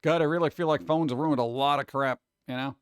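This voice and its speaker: Male streamer, casual and animated, clear resonant tone, dry close mic. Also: fairly high pitch, quick pace, no echo. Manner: animated, chatty, slips into mock voices. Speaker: streamer host. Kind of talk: casual chat with viewers.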